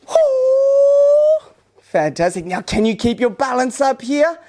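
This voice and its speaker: A woman from Australia teaching a kids karate class, upbeat and encouraging, with loud karate shouts between instructions. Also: a little high, animated, normal speed. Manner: upbeat, encouraging, talking to young children. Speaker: martial arts instructor.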